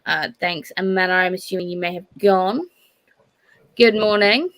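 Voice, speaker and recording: A woman hosting a casual reading livestream, animated and bubbly, reading out viewer comments. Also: on the low side, normal speed, low-quality recording. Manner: bubbly, animated, reads chat comments aloud. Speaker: host of a reading stream. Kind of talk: casual chat.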